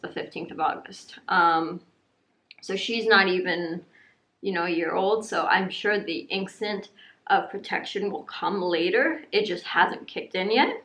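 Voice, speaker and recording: A woman's voice: measured pace, fairly bright tone, echoey room. A woman chatting casually in a vlog, rambling with lots of fillers. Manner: high baby-talk when cooing to her dogs. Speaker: vlogger.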